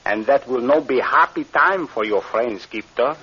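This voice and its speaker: An actor playing a menacing Spanish pirate with a Spanish accent and broken English, in 1940s radio acting on a dull old recording. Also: male voice, mid-range voice, lively intonation, normal speed, pushed and bright, slight background noise. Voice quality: broken English, sly threats.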